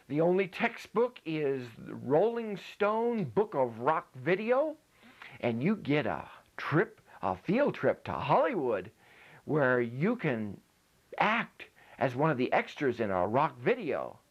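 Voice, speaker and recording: Jokey lecturing man, dull lo-fi sound. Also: a little high. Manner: jokey, demonstrates ventriloquism with food in mouth. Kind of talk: playful comic lecture.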